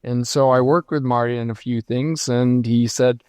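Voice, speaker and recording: Man in his seventies, interview guest, reflective storyteller, frequent pauses, mid-pitched voice, dry sound. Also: fairly even intonation, darkish tone, clean tone, no echo. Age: 70s. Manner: reflective, unhurried, with frequent "uh" and restarts. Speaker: lighting designer guest.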